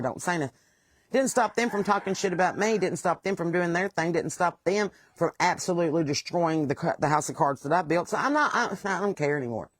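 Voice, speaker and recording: A middle-aged woman with a West Virginian accent, hosting a casual monologue and talking in a blunt, plain-spoken, aggravated way. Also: low-pitched. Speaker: host.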